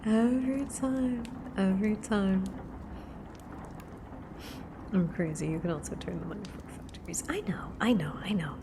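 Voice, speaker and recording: A woman streamer chatting between horror story readings, mostly whispering into a close microphone, excitable and drifting between a whisper and soft speech. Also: lowish voice, fast, few pauses, background noise. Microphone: close mic right in front of her.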